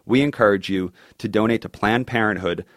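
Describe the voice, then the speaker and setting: A man's voice: fairly low pitch, a little fast, no room sound, studio quality. A man co-hosting a comedy podcast, chatting loosely and joking, then turning earnest for ad reads. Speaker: podcast co-host. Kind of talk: casual comedic chat.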